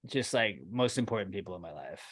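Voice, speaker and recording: A man's voice: on the low side, expressive, brisk, a bit bright. A man co-hosting a podcast in casual chat, ranting bluntly and profanely. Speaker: podcast co-host.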